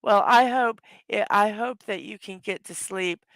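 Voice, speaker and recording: A hoarse, tired woman chats through a relaxed morning livestream and welcomes viewers one after another. Her voice is gravelly and her pace slow and unhurried. The sound is close and dry. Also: mid-range voice, no room sound. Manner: warm greetings to chat viewers one by one. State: tired from little sleep. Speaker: livestream host. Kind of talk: casual morning livestream chat.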